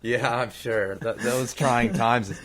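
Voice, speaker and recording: A man's voice: mid-range voice, steady tone, takes it slowly, a bit bright. A man hosting a podcast, asking loose questions with lots of fillers. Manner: casual, filler-heavy, chatty. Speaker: podcast host. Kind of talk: casual interview questions.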